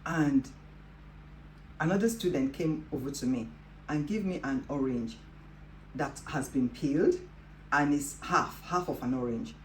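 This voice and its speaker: A woman from Africa hosts a Christian devotional show, earnestly recounting a personal testimony and leaning on "you know" as she goes. Her voice is low, the room is echoey, and faint ambient noise sits underneath. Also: unhurried, pauses often.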